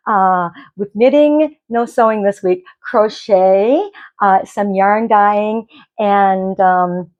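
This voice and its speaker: A woman's voice: medium pitch, steady tone, slow pace, darkish tone, highs cut off. A middle-aged woman from Michigan, rambling in casual chat as the host of a knitting podcast at home. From Michigan, USA. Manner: chatty, rambling, self-correcting.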